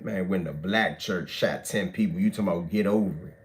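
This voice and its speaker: A man talks fairly quickly, telling prison stories in animated, profane street talk. His delivery swings from shouts down to low mutters.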